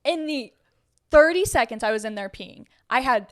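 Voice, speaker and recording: A woman's voice: a little high, animated, normal speed. A young woman co-hosting a podcast, telling a story in casual chat, full of "like" fillers. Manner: chatty storytelling with many fillers. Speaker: podcast co-host.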